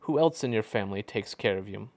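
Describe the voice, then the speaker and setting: A man's voice: on the low side, lively intonation, quick pace, darkish tone, no room sound. A man voicing an early chatbot therapist program that turns each remark back into a question. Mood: probing. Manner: mechanical, repeats the speaker's words back as questions.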